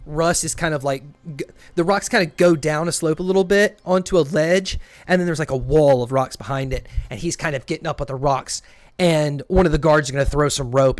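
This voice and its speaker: A man's voice: a little high, no echo. A man narrating a fantasy tabletop game as game master, describing scenes vividly and in gory detail.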